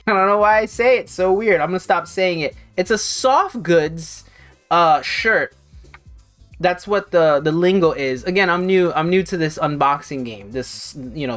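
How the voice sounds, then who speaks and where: A woman hosting a hobby channel, talking through an unboxing in a casual, rambling way with lots of fillers. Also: lowish voice. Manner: rambling, chatty, many fillers.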